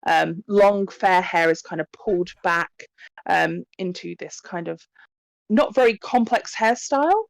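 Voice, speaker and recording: A woman's voice: lowish voice, gravelly, dry recording. A woman narrating a tabletop horror game as game master, in a chatty way full of ums and likes.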